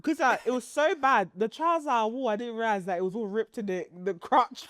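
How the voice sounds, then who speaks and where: A woman, telling a story on a podcast in animated, laughing casual chat. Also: on the high side, brisk, dry recording, clean studio sound. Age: 30s. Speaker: podcast co-host.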